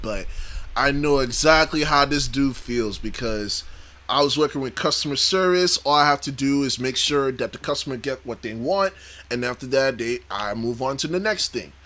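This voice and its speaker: A man hosts a casual YouTube reaction video, talking in a chatty, loose way and often breaking into laughter. His voice is middle-pitched with a bright, forceful edge. He stumbles and corrects himself now and then as he comments. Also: moderate pace.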